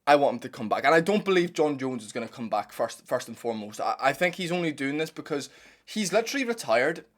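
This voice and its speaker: A man's voice: a little high, quick pace. Profane young man ranting. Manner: blunt, profane, animated ranting. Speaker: MMA commentator channel host. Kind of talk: ranting reaction commentary.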